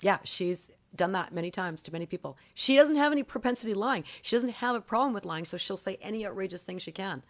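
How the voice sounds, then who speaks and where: A woman's voice: medium pitch, animated, fast talker, hardly any pauses. A woman in a casual vlog, telling a long story in an emphatic, accusatory way, often repeating her points. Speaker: vlogger.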